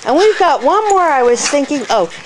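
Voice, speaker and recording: A woman from a dog rescue, casually introducing the dogs on camera, affectionate, with a high sing-song when she calls them. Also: big pitch swings, normal speed. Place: indoors at home among many dogs. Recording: noisy room with dogs barking. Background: dogs barking.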